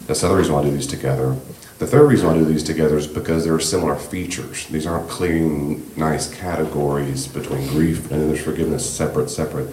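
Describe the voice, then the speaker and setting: Very deep-voiced man teaching a church class. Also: fairly even intonation, fast talker, reverberant, a little hiss or hum. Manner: gentle, reassuring, loose with fillers. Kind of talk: conversational church class lecture. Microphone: room microphone.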